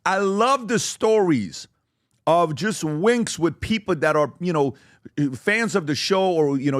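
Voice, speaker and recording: Animated male podcast host, dry sound. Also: moderate pace, no room sound. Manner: animated, excited sales pitch. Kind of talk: casual panel talk and merch pitch.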